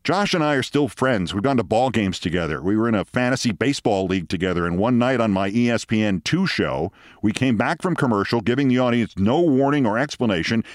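A middle-aged man with a New York accent hosting a podcast, telling a story with a wry, deadpan delivery and signing off the show. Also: mid-range voice, no room sound, clean studio sound. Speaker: podcast host. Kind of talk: storytelling monologue and show sign-off.

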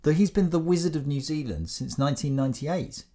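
A podcast co-host with a fairly high, mellow voice talks briskly, explaining at length in a casual way. He uses many fillers and restarts, and his humour is dry.

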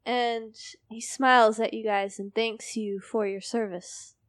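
Slow-talking high-voiced woman game master. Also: fairly even intonation. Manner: slow, laughs often. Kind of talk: narrating a tabletop game.

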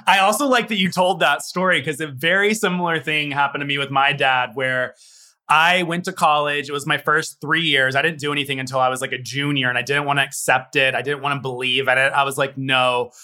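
A man's voice: medium pitch, steady tone, fairly quick, pushed and bright. A man interviewing a guest, sharing his own stories openly and casually.

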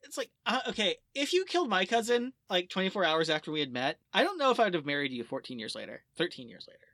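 Lady cohost who goes off topic, lowish voice, bright and swingy, dry. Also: fast, no echo. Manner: excitable, jumps off topic. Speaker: podcast co-host. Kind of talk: casual chat.

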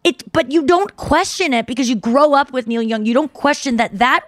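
A woman hosting a podcast in casual chat, talking fast and loose, full of "like", and slipping into singer impressions. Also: high voice, no echo, studio quality. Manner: chatty, slips into quick singer impressions. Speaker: podcast host.

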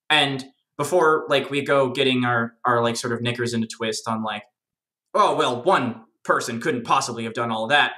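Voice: mid-range voice, a bit bright, reverberant. A podcast guest explaining game lore in casual chat, enthusiastic and rambling with many fillers.

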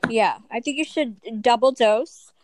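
A woman in her thirties co-hosting a casual podcast chat from bed, blunt and teasing with quick laughs. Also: on the high side, noisy background. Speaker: podcast co-host. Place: lying in bed at home.

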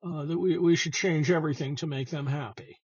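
A man doing a rough impression of a halting elderly senator who hesitates over every phrase. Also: fairly high pitch, fairly even intonation, no echo, muffled recording. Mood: mock-solemn. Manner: hesitant, full of uhs.

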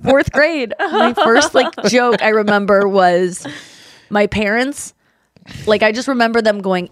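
A woman hosting a podcast, talking in a casual, chatty way full of "like" and quick asides. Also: on the high side, no echo. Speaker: podcast host. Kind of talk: casual chat.

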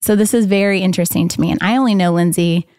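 A woman's voice: lowish voice, fast talker, darkish tone. A woman co-hosting a podcast, chatting in a teasing, playful way. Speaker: podcast co-host. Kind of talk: casual chat.

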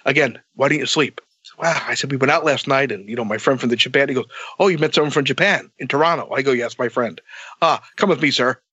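Animated profane man telling a story. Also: mid-range voice, fast talker, slightly rough, no echo, dull audio. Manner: animated, swears a lot, acts out dialogue.

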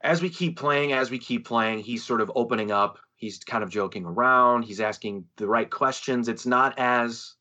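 Man, bright clear voice, animated storyteller, casual podcast chat, swears a lot. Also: medium pitch, normal speed, hardly any pauses, highs cut off. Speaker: podcast co-host, musician.

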